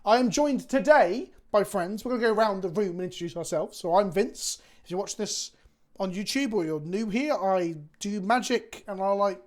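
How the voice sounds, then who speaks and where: A man's voice: high-pitched, normal speed. A man from Britain hosting a tabletop game stream, chatty and teasing his friends. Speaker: host and player. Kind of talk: casual stream chat.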